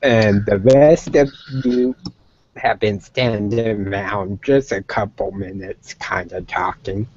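A man narrating as game master of a tabletop game, hesitant with many pauses and fillers. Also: fairly low pitch, steady tone, darkish tone, highs cut off.

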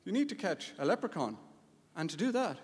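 A man's voice: high voice, very animated, fairly quick. A man with an Irish accent, playing a local in a comic stage sketch, folksy and exasperated. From Ireland. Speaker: Irish community member on stage. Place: conference hall stage. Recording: live stage mic in a hall.

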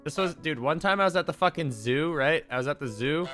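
A young man giving casual, profanity-laced commentary while playing a game, with lively stretches of storytelling. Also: on the high side, fairly quick, faint music behind. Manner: swearing, animated storytelling. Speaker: streamer.

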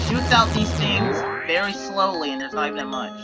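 Lively young man joking through a game. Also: high voice, brisk, hardly any pauses, loud music behind the voice, low-quality recording. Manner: joking asides and reactions to the game. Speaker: gameplay commentator. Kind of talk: casual let's play commentary.

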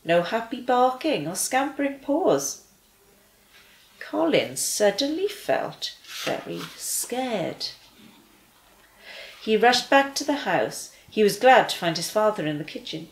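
A woman reading a children's story aloud with gentle, expressive delivery. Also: medium pitch, slow pace, echoey room, poor audio.

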